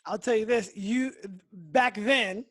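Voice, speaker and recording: A man hosting a podcast, chatting casually and telling a story in a relaxed, drawn-out way. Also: sits high, no room sound. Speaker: podcast host. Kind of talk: casual interview chat.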